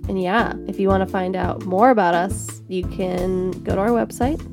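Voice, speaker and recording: A woman's voice: medium pitch, fairly even intonation, moderate pace, gravelly, over music. A woman co-hosting a podcast, chatting casually and reflectively about a TV episode. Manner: reflective, talks through ideas with fillers. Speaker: podcast co-host. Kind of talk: casual chat.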